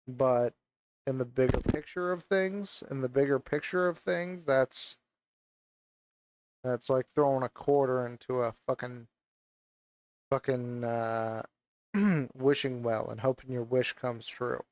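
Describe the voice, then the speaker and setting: A gaming vlogger in a VR headset rants angrily about a game he's playing, swearing and venting into a gaming mic. His mid-range voice has fairly even intonation and moves slowly, with long pauses. There's no echo.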